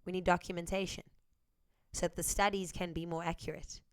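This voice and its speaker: A woman's voice: fairly low pitch, little pitch movement, a little fast, smooth, no room sound, clean studio sound. South African woman asking pointed questions. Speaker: vlogger. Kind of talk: opinion commentary vlog.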